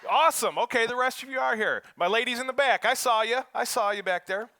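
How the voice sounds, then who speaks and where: American guy pastor preaching, bright voice, joking w the church then getting loud and emphatic. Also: extremely high pitch, quick pace, no room sound. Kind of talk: sermon. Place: church sanctuary.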